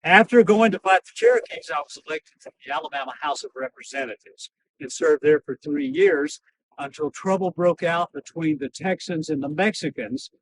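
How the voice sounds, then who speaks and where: A man giving a first-person historical monologue as a costumed reenactor, talking in a halting, folksy way full of pauses. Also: high-pitched, very animated, creaky, slightly rough, dry recording. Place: outdoors in a cemetery. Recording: outdoor recording from a distance.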